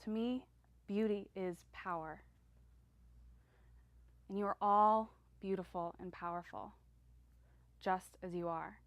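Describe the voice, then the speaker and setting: A middle-aged woman giving a heartfelt motivational talk, speaking earnestly with slow emphatic affirmations. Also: mid-range voice, fairly even intonation, no room sound.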